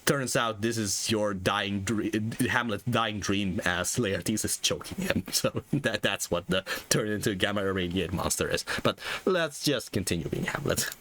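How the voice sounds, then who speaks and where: A man's voice: on the low side, normal speed, hardly any pauses, a bit bright, slight background noise. A man streaming a text game, reading it aloud and commenting casually, chuckling often and trailing off into fillers.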